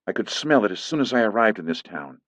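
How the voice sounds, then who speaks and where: A man's voice: on the low side, very animated, quick pace, a bit bright, no room sound, pitched above the performer's own voice. A man voicing a menacing possessive Mafia princess. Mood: accusing. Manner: menacing, clingy, accusing. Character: jealous possessive Mafia princess, young woman. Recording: dull lo-fi recording.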